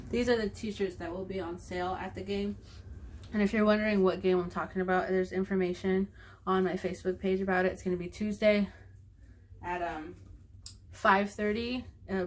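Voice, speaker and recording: A woman's voice: medium pitch, slight background noise. A young woman talking in a personal video diary, emotional and grateful, rambling with fillers. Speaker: vlogger.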